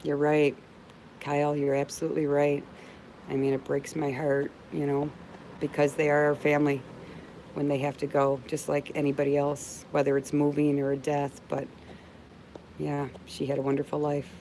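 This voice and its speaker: A woman's voice: sits low, monotone, moderate pace, a little hiss or hum, poor audio. A middle-aged woman chatting on a livestream, answering viewer comments and calling them babe. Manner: warm, heartfelt, calls viewers babe. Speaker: livestream host. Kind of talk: casual livestream chat reading viewer comments.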